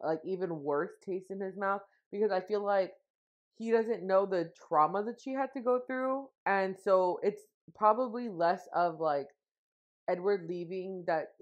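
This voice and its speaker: On a muffled, lo-fi recording, a young woman co-hosts a podcast in a mid-range voice at a slightly slow pace. Her casual chat rambles, full of fillers and restarts.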